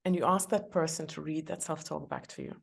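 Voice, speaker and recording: A middle-aged woman, a guest on a podcast, who gives practical advice in a warm, chatty way and laughs often. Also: sits low, steady tone, brisk, gravelly, husky. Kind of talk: podcast conversation.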